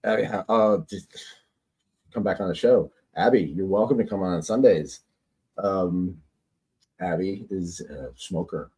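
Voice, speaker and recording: A man's voice: sits low, measured pace, a little mellow, breathy edge. A man co-hosting a casual talk show, easygoing and chatty. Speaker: co-host.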